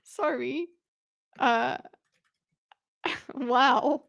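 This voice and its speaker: A chatty woman streamer gives casual live commentary over a debate video. She giggles easily and answers the people on screen. Her voice sits fairly high and sounds close and dry. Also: very slow, gravelly, fairly bright tone, no room sound.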